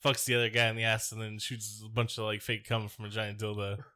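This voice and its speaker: A man's voice: lowish voice, flat delivery, quick pace, pushed and bright. A man co-hosting a podcast in casual chat, crude and rambling, joking as he goes. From United States. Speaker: podcast co-host.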